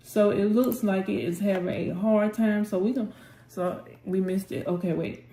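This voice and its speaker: A woman's voice: mid-range voice, steady tone, moderate pace, dark tone, a little hiss or hum. A woman hosting a live trading session, calling out prices and urging the chart on with short prayers and terms of endearment. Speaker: trading channel host. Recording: roomy echo with faint music.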